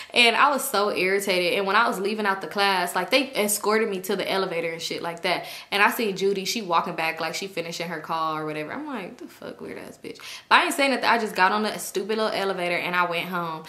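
A woman vlogger telling a work story in casual storytime chat, blunt and profane, jumping into loud high-pitched quotes. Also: fast. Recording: roomy echo.

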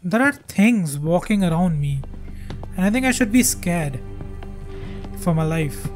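Male streamer, slow and jokey, mock-scared horror playthrough commentary. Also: high voice, expressive, darkish tone, faint music behind. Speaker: gaming streamer. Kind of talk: let's play commentary.

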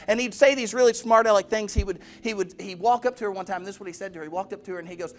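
A preacher with a notably high voice delivers a sermon, pressing his congregation with direct questions and slipping into character voices as he tells his stories. Faint music sits quietly behind him in the church. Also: very fast, hardly any pauses. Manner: storytelling, acts out quoted voices. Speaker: pastor.

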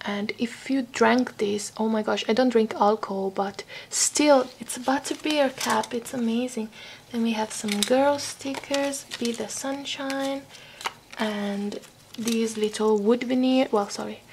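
Slow, gravelly Italian woman with sore throat. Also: a little high, steady tone, a little hiss or hum. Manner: soft-spoken, drops to whispers, apologetic asides. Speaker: craft vlogger opening mail. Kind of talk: casual show-and-tell chat.

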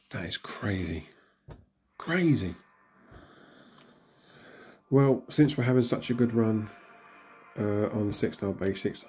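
A hoarse man, still recovering from illness, casually commenting and muttering reactions as he opens in-game crystals. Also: lowish voice, mellow, a little hiss or hum. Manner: chatty, mutters reactions to himself. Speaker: gaming channel host.

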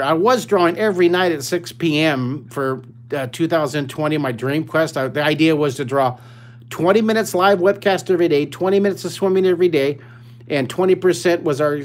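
An older man teaching a live drawing lesson for children over a webcam, enthusiastic and playful, chatting to the kids as he draws. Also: a little high.

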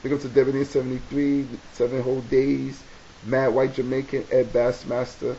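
A man's voice: mid-range voice, normal speed. New York man preaching lo-fi advice. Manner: animated, preachy, repeats himself for emphasis. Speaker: video blogger. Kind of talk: casual advice monologue to camera. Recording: dull lo-fi webcam audio with faint hiss.

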